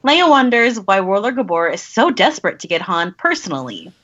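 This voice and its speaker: A woman's voice: mid-range voice, big pitch swings, a little fast, a bit bright, dull audio. A woman on a podcast casually recapping a novel, wry and laughing between lines. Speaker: podcast host summarizing a novel.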